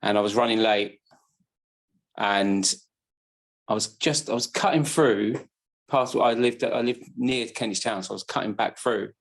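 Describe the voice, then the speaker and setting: A man's voice: fairly low pitch, normal speed, pauses often. Man rambling through a football anecdote. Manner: rambling anecdote with self-corrections. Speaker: podcast co-host. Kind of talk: casual football chat.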